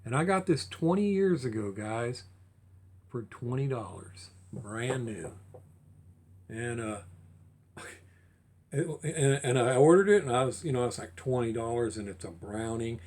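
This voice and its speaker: A man's voice: mid-range voice, expressive, measured pace, pauses often, a little mellow. A man talking casually to camera in a collector's vlog, rambling with restarts and getting heated as he goes. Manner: rambling, repeats and restarts, gets heated and fired up. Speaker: diecast collector vlogger.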